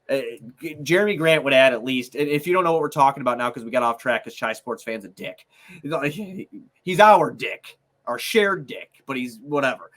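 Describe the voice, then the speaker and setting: A man's voice: mid-range voice, fairly bright tone. A young man co-hosting a sports podcast, ranting in a heated, profane, exasperated way. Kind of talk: heated casual chat.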